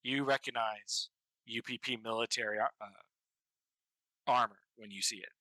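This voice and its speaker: Bright-voiced game master narrating, dry close mic. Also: male voice, medium pitch, fairly even intonation, dry recording, rough recording. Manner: halting, full of ums and restarts.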